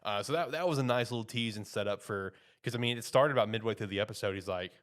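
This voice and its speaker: Young male podcast co-host, lowish voice, loose rambling casual delivery. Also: quick pace, a bit bright. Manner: loose and rambling, full of "you know" and "like". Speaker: podcast co-host reviewing anime. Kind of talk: casual chat.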